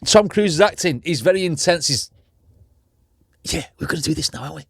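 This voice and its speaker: Man, casual reaction commentary, slightly raised pitch, dry close sound, rambling and chatty. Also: animated, brisk, gravelly, husky, no echo. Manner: chatty, rambling, stumbles hunting for names. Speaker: reaction video host.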